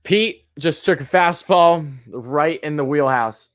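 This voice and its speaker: A man hosting a live fan stream, calling pitches play-by-play and griping and swearing about the umpires in an exasperated voice that jumps high on big moments. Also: slow pace, a bit bright. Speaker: fan commentator and stream host.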